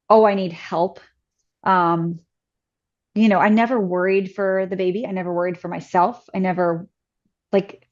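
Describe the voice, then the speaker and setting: A woman guest on a podcast, telling a personal story in a chatty, casual way, full of "like" fillers and lively acted-out quotes. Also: mid-range voice, highs cut off.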